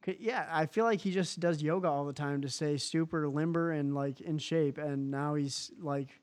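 A man's voice: fairly high pitch, moderate pace, a little mellow. A man hosting a podcast, chatting casually and animatedly with plenty of fillers. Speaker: podcast host.

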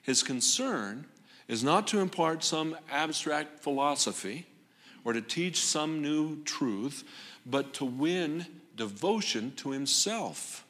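A man preaching a sermon with dramatic pauses and rising emphasis on repeated phrases. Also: fairly high pitch, expressive, fairly bright tone. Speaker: pastor. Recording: long hall reverb.

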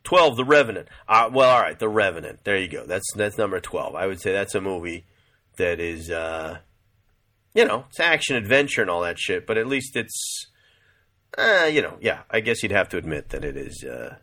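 A middle-aged man riffs casually to the camera, full of swearing and "dude". His voice sits low yet sounds bright and forceful. He swings his pitch up and down a lot as he talks. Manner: profane, rambling, says "dude" a lot. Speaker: vlogger. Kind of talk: casual rambling commentary.

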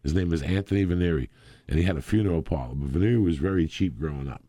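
Guy in his 60s, dark low voice, dry close sound, goes off on long animated tangents. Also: rapid-fire, no room sound. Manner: rambling, animated, laughs a lot. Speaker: guest. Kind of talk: casual storytelling.

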